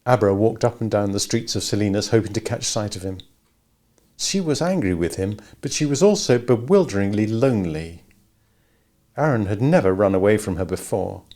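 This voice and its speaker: A man's voice: lowish voice, expressive, normal speed, a little mellow. A man narrating a novel as an audiobook, reading expressively.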